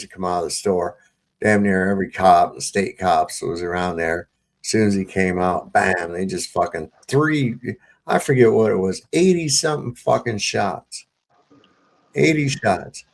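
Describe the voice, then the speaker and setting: A man's voice: lowish voice, creaky, a little mellow. A man hosting a live-stream panel, telling a rambling story full of swearing and restarts. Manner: profane, rambling, with many fillers and restarts.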